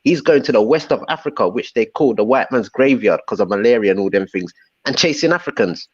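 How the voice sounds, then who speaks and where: A man's voice: medium pitch, animated, a little fast, breathy edge, no room sound, highs cut off. A man in a heated casual debate on a podcast, cutting in and repeating himself to hold the floor. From Jamaica. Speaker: podcast co-host.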